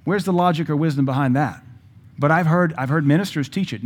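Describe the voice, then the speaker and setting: A man preaching a sermon in a blunt, emphatic way, with sudden loud stresses, acting out the people he quotes. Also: on the high side, a little fast, breathy edge.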